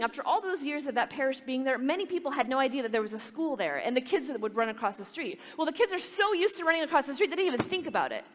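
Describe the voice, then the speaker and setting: A woman religious sister tells stories in an animated way and acts out the children she talks about. Her voice sits a little high. The sound rings with a long reverb from a large hall. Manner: animated storyteller acting out kids' voices. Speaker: religious sister giving a talk. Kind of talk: storytelling talk to a retreat audience.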